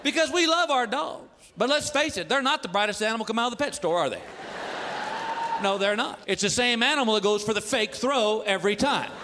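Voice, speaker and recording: A male comedian spins a folksy stand-up story with loose, drawling asides. His voice sits high, and the live recording carries a long hall reverb and audible noise. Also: brisk, sharp tone.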